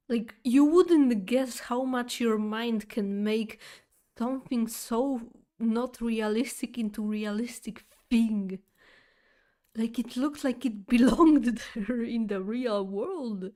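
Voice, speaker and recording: With a fairly high pitch and a dark tone, a woman streamer casually recounts a nightmare to her viewers, stumbling through fillers, restarts and giggles as she rambles.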